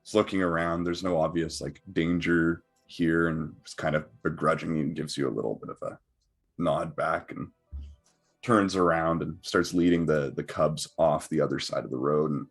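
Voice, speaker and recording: Man, game master, deep voice, rambling narration, lots of fillers. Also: steady tone, normal speed, soft background music. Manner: rambling, filler-heavy narration with many restarts.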